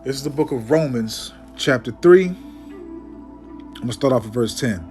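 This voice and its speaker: A man teaching scripture informally, emphatic and preachy, often tagging his sentences with "man" and "okay?", and slowing down to declaim Bible verses. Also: medium pitch, lively intonation, a little mellow, soft background music. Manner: reads Bible verses aloud in a slower, declaiming voice.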